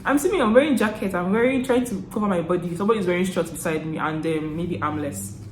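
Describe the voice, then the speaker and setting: A young woman from Nigeria with a Nigerian accent, telling stories to camera in a chatty, animated way, often laughing and restarting her sentences. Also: fairly low pitch, fast talker, roomy sound, slight background noise. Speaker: vlogger. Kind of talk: casual storytelling to camera.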